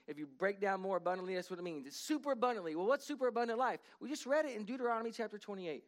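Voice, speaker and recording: High-voiced pastor preaching a sermon. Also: male voice, expressive, rapid-fire, few pauses. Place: church.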